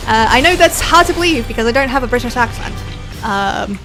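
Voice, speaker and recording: A woman's voice: fairly high pitch, animated, brisk, over music, low-quality recording. A woman from Australia with an American accent, chatting bluntly and swearing freely while she plays a game on a live stream. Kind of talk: casual live-stream chat while gaming.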